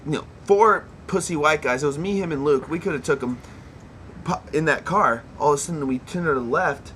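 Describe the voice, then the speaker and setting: A man with a fairly high voice hosts a loose podcast chat. He tells rambling, profane stories and keeps breaking into laughter. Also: brisk, fairly bright tone, slight background noise. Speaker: podcast host.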